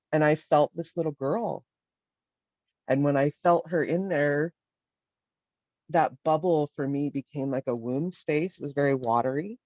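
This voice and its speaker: A woman's voice: low-pitched, a little mellow, no echo, highs cut off. Reflective woman sharing over a call. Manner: reflective, hesitant, many fillers. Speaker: workshop participant. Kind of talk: personal sharing in a group.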